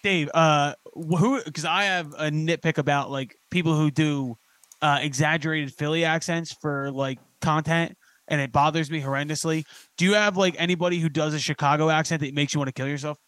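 Philly guy podcast host, kinda high voice, dry close mic, swears a lot. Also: a little fast, smooth, dry recording. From Philadelphia. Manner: animated, swears freely, mocks overdone accents. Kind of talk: casual chat.

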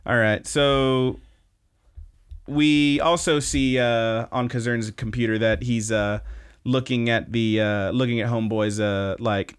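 Animated rambling man recapping anime. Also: mid-range voice, unhurried, clean tone. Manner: rambling, animated, swears casually. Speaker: podcast host. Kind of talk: casual podcast recap.

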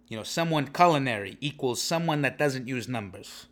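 Young male vlogger, brash comic rambler, bright edgy tone, keeps asking "okay?". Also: mid-range voice, expressive, moderate pace. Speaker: comedic fantasy football vlogger. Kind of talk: rambling comedic commentary to camera.

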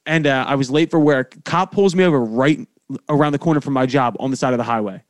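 A young man, hosting a podcast and telling profane, animated stories in casual chat. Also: mid-range voice, fast, dry recording. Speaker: podcast host.

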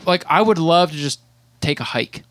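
A man's voice: a little high, expressive, normal speed, fairly bright tone, no room sound. A man co-hosting a podcast in casual chat, teasing and joking with his co-host.

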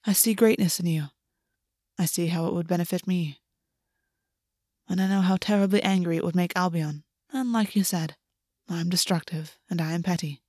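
A woman's voice: fairly low pitch, normal speed, a little mellow, no echo, clean studio sound, close to an everyday voice. A woman reading aloud and voicing a scheming, petty male fae lord who talks persuasively. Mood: wry.

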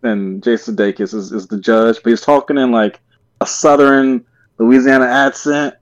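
A man's voice: medium pitch, steady tone, normal speed, highs cut off. Laid-back, chuckling male podcast co-host. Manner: loose, laughing storytelling with many fillers. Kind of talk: casual podcast chat.

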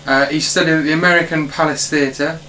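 A man hosting a casual film podcast, reading out facts in a halting way with many fillers. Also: a little high, fairly even intonation, sharp tone, a little hiss or hum, poor audio. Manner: halting, filler-heavy delivery. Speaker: podcast host.

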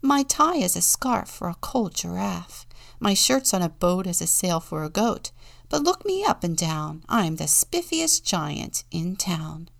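A woman's voice: mid-range voice, wildly swooping pitch, moderate pace, gravelly, hardly any pauses, no echo. A woman voicing a proud but kind-hearted male giant from a storybook, cheerful and a touch pompous. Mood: sing-song.

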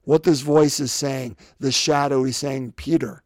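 A man's voice: medium pitch, steady tone, unhurried, few pauses, a little mellow, no echo, studio quality. A man preaching a sermon in a loose, conversational way, asking rhetorical questions and acting out the scripture quotes. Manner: acts out scripture quotes with voices.

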